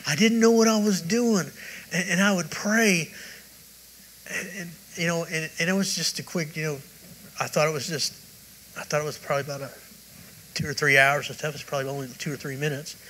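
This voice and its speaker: A man's voice: a little high, steady tone, a little fast, long pauses, fairly bright tone, slight background noise, rough recording. A male preacher giving a rambling, conversational sermon that mixes in his own testimony at a church service. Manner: rambling, conversational storytelling with many restarts.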